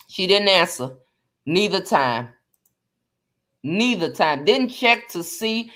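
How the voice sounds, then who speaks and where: A woman in casual chat, talking sassy and emphatic. She hammers her points home by repeating them and swinging her pitch high and low. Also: very animated, a little slow, a bit bright. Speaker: commentary livestream host. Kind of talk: casual chat, drama commentary.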